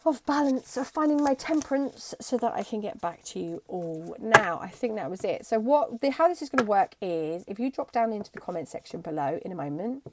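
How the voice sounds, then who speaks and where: A woman's voice: mid-range voice, noisy background. Chatty woman giving a tarot reading. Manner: chatty, bubbly, breaks into playful voices. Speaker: tarot reader. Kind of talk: casual tarot reading to camera.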